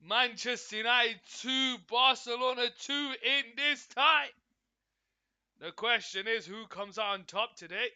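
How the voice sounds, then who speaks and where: Very high, bright-voiced male watchalong host. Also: unhurried, clear, resonant tone, dull audio. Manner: chatty, hyped, talks to viewers by name. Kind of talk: live football watchalong commentary.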